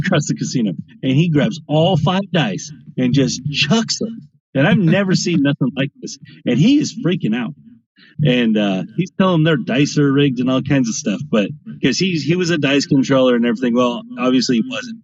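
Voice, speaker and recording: A man casually telling rambling anecdotes on a live stream, often checking in with "right?". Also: medium pitch. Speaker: craps streamer guest. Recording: lo-fi stream audio.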